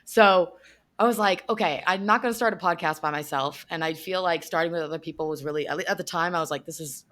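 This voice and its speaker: A woman talks casually on a podcast with a slightly low voice. She is chatty and upbeat, and her talk is loose with fillers. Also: a bit bright. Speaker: podcast guest. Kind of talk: casual chat.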